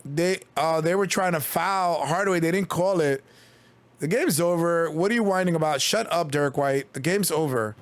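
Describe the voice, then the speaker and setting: A man streaming excited play-by-play commentary on a basketball game, loud exclamations and rapid calls, with a voice going hoarse. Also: fairly high pitch, dry recording. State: losing his voice.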